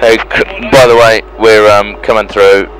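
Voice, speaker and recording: A man's voice: fairly low pitch, flat delivery, unhurried, a bit bright, rough recording. A man with a New Zealand accent giving a joking running commentary, cheeky and swearing in mock outrage. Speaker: celebrity pilot in a flight simulator.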